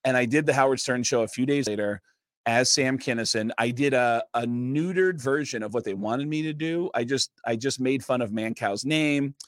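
A man guesting in a studio, telling a long story in an animated, casual way and swearing freely. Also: mid-range voice, moderate pace, no echo. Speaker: comedian and impressionist guest.

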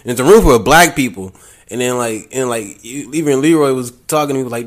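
A man and stand-up comic in casual chat, talking in an animated way with lots of restarts. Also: mid-range voice. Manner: animated, halting restarts, crude humor. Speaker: stand-up comedian.

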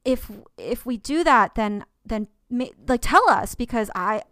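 A woman's voice: fairly high pitch, expressive, unhurried, a bit bright, clean tone, dry recording. A woman in her thirties co-hosting a podcast, talking earnestly and at length with many restarts. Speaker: podcast co-host. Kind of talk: casual podcast chat.

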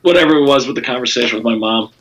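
A man's voice: mid-range voice, racing, a crowd in the background, poor audio. A man with a Southern US accent, a comedian telling stories in a casual podcast chat, rambling with lots of fillers and cursing. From South Carolina. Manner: rambling storytelling with frequent fillers and profanity. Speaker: comedian guest.

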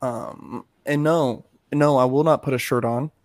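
A man co-hosting a podcast in casual chat, talking in a rambling, animated and profane way. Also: medium pitch, measured pace, dry recording, studio quality. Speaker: podcast co-host.

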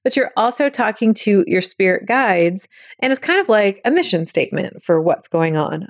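A woman's voice: medium pitch, normal speed, gravelly, no room sound, studio quality. A woman hosting a podcast, teaching in a casual, chatty way and acting out quoted thoughts in little voices. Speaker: podcast host. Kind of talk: casual spiritual teaching talk.

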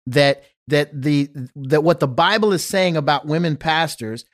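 Halting talk-show host, man. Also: a little high. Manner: halting, repeats words while restarting. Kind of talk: casual interview chat.

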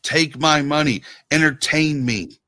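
Casual forties guy, bright tense voice, dry close sound, stammers and laughs a lot. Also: fairly high pitch, unhurried, dry recording. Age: 40s. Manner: stammering, laughs often, emphatic. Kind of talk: casual chat.

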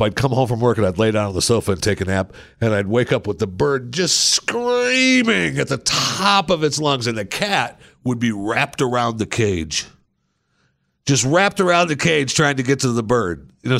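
A man's voice: mid-range voice, vocal fry, dry recording, studio quality. A man hosting a podcast, telling rambling, self-mocking anecdotes in a casual way. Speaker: podcast host. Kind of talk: casual storytelling.

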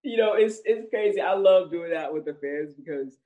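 Husky-voiced young man, easygoing guest who laughs a lot and talks in loose restarts. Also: high-pitched, moderate pace, dark tone, muffled recording. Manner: laughs often, rambling with restarts and fillers. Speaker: guest, social media creator. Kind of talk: casual interview chat.

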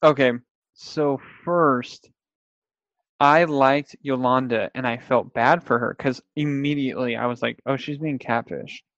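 A man co-hosting a casual chat, animated and laughing, acting out what other people said. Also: mid-range voice, unhurried, dry recording, highs cut off. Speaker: podcast co-host.

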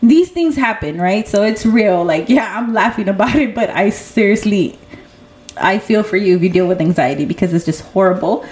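A woman's voice: mid-range voice, normal speed. Chatty young woman who laughs often. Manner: laughs often, animated storytelling. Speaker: host. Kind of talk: casual chat.

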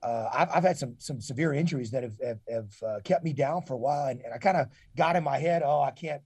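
A man's voice: mid-range voice, fast, darkish tone, breathy edge, no room sound. A man in his forties speaking earnestly as a podcast guest, often restarting and repeating words as he talks. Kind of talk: casual interview talk.

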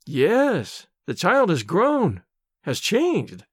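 A portly older lady, played by a male narrator speaks in slow, measured, searching tones. Close, dry studio sound with no room echo. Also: sits high, wildly swooping pitch, a bit bright, voice pushed up, exaggerated voice. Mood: grave. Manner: slow, measured, startled then grave.

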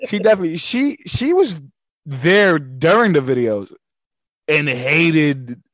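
A man's voice: a little high, unhurried, dry recording. A young man, telling stories animatedly over a video call. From Brooklyn, New York. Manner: animated storyteller, full of fillers and acted quotes. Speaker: guest, comedian. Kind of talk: casual chat.

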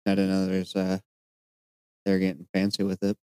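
Smooth, low-voiced man on a podcast. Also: monotone, moderate pace, a little mellow, dry recording. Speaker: podcast co-host. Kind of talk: casual chat, reading out facts.

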